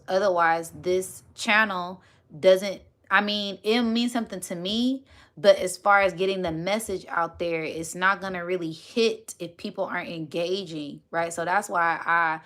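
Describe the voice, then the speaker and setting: A woman's voice: lowish voice, steady tone, a little slow, fairly bright tone. A woman hosting a casual spiritual livestream, chatting with viewers and thanking them often.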